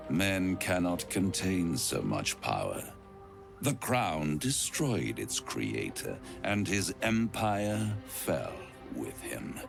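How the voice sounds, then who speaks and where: An actor voicing an ancient scheming male devil in a video game, with a deep, theatrical, relishing drawl. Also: gravelly, exaggerated voice. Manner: grand, relishing, mocking delivery. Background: game music.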